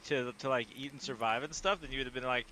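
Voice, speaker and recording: Bright, animated casual male co-host. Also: mid-range voice, fast talker, slight background noise. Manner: animated, playful, swears casually. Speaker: podcast co-host. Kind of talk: casual chat.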